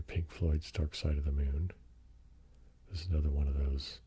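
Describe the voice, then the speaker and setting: A man doing soft-spoken ASMR show and tell, slipping into whispers and slowly reading out track lists in a relaxed, rambling way. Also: rumbling low, a little hiss or hum. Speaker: ASMR host.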